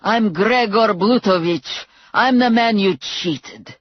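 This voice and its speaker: A hulking, brutal mob boss, voiced by a woman narrator growls his threats slowly and heavily. The low voice sits close and dry, with a slightly muffled audiobook sound. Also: expressive, slightly rough, no echo, exaggerated voice. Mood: roaring. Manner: slow, heavy menace.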